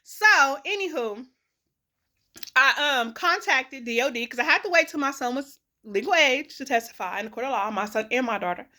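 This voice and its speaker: A middle-aged woman vlogging in a casual, emotional monologue, blunt and animated, swearing freely and talking straight to her viewers. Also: sits high, moderate pace.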